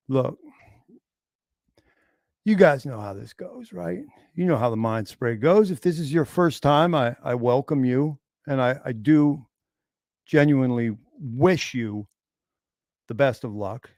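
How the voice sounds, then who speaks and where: Slow, rambling male stream host. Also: fairly high pitch, a little mellow, dry recording, clean studio sound. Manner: rambling, mock-grandiose and profane. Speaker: livestream host. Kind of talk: casual livestream talk.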